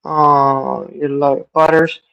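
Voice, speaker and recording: A woman's voice: deep voice, level tone, slow pace, vocal fry, a bit bright, dull audio. A middle-aged woman hosting a livestream, chatting casually and laughing often as she answers viewers. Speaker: livestream host. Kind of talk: casual chat. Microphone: streaming setup.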